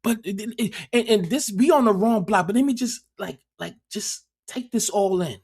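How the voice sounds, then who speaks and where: A man's voice: high voice, moderate pace, a little mellow, husky. A man hosting a casual livestream, rambling and swearing heavily, often repeating words as he talks. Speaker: livestream host.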